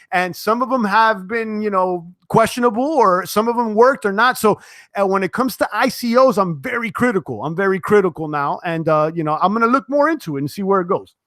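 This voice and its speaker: A man's voice: high-pitched, fairly bright tone, no room sound, studio quality. A young man hosting a live stream, chatting casually and reading out viewer comments, with many fillers and restarts as he tires. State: sweating, tiring. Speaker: crypto live-stream host.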